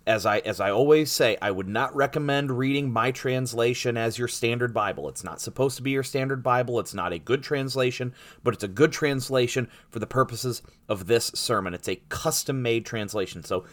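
A man preaching a sermon, reading scripture and earnestly explaining it, stressing particular words. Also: medium pitch. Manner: earnest, deliberate, emphasizing key words; animated dramatic delivery when reading. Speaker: pastor.

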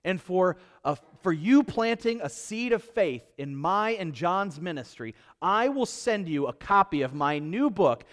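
A male preacher putting on the voice of a smarmy televangelist selling blessings in a grand, salesy pitch. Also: lively intonation, a little slow, few pauses, fairly bright tone, big-room sound.

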